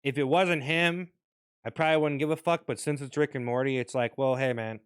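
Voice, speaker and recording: A man's voice: mid-range voice, steady tone, brisk, clean tone, dry recording, studio quality. A young adult man vlogging in a rambling, profane casual rant, often restarting his sentences.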